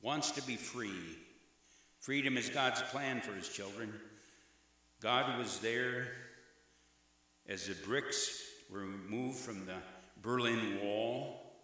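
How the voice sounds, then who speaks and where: A man's voice: medium pitch, slow, pauses often, bright, forceful tone. A middle-aged man preaching a sermon, emphatic and rhythmic, repeating phrases for weight. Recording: echoey hall with long reverb.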